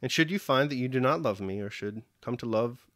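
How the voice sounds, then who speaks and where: A man voicing a grave aristocratic officer, a prince, in an audiobook reading, speaking in a measured, earnest way. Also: medium pitch, animated, a bit bright, no echo, clean studio sound, lightly acted.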